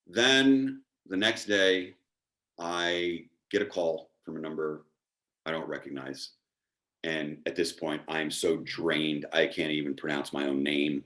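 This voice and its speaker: A man telling a story as a podcast guest, animated and self-deprecating. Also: a bass voice, takes it slowly. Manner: animated, self-deprecating, acts out quoted dialogue. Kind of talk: casual storytelling.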